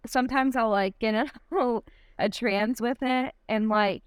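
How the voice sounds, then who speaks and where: Speaking in a slightly high voice at a measured pace, a young guest athlete from Michigan talks casually on a podcast in her Michigan accent. The tone is clean with no echo, and she stays upbeat and giggly, laughing frequently and filling her speech with "like."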